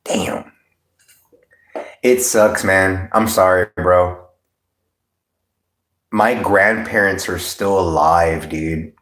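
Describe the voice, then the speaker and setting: A man's voice: low-pitched, fairly even intonation, extremely slow, long pauses, fairly bright tone. A man hosting a livestream, chatting casually with viewers in a blunt, profane, laid-back way. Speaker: livestream host. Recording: roomy echo.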